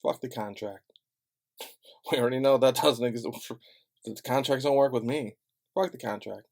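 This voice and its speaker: A man's voice: medium pitch, normal speed, creaky, a little mellow. A man from Chicago delivering a heated, sarcastic, profane rant straight to camera. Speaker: vlogger.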